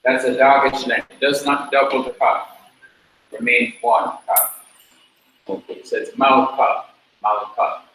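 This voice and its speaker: Slow, drilling teacher in an echoey classroom. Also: male voice, medium pitch, fairly even intonation, fairly bright tone. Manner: slow, repeats words for drilling. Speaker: Hebrew teacher. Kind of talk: classroom lecture. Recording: very echoey room, mic far off, faint noise.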